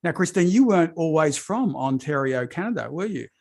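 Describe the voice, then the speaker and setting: Middle-aged male podcast host, slightly high voice, enthusiastic and gushing. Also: lively intonation, a little fast, gravelly, a little mellow. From Australia. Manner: upbeat, effusive, repeats his praise. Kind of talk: enthusiastic interview chat.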